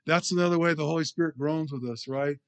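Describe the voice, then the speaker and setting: A man preaching in a loose, conversational way. His voice sits a little high for a man. He stumbles, restarts words and talks to the congregation as if chatting with friends. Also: quick pace, smooth. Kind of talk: informal sermon.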